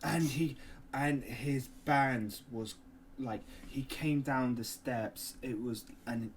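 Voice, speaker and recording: A man co-hosting a podcast in casual chat, animated, often exclaiming and swearing, trailing off mid-sentence. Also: mid-range voice, slow pace, a little hiss or hum. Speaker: podcast co-host.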